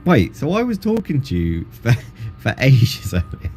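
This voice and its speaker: A man streaming a space game, chatting casually with friends and his viewers in a relaxed, joking way. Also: mid-range voice, a little slow, creaky, slight background noise.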